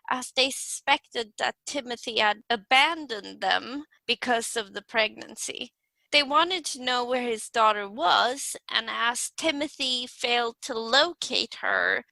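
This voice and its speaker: A woman's voice: on the high side, sharp tone, no echo, rough recording. A woman hosting a true-crime podcast, reading her case notes steadily and giggling between lines. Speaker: podcast host. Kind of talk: scripted true-crime narration.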